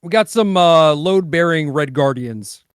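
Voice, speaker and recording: A man's voice: a little high, expressive, measured pace, clear, resonant tone, no echo. Wry man co-host, dry sound. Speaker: podcast co-host. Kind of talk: casual gaming podcast chat.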